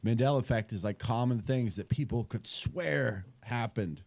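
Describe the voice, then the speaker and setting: Animated, swearing young man host. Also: mid-range voice, moderate pace, creaky. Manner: animated storytelling, swears freely, slips into mock mobster voices. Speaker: podcast host. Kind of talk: casual chat.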